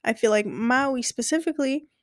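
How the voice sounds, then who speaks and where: A woman's voice: high-pitched, normal speed, no room sound, studio quality. A young woman telling a story in a casual vlog, chatty and rambling with lots of fillers and restarts, gushing with enthusiasm.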